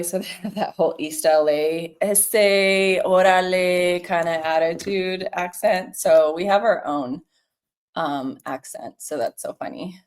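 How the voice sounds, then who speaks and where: A woman from California with a Californian accent, a real estate broker chatting casually and upbeat while making cold calls. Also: on the low side. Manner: upbeat, chatty, quick bursts of excitement. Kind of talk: casual livestream chat while cold calling.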